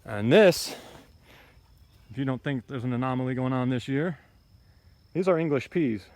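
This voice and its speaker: A man in a mid-range, slightly mellow voice walks through his garden outdoors at normal speed, captured in a dry recording. The homesteading vlogger's tour is casual and meandering, blunt and opinionated, with plenty of ums and asides.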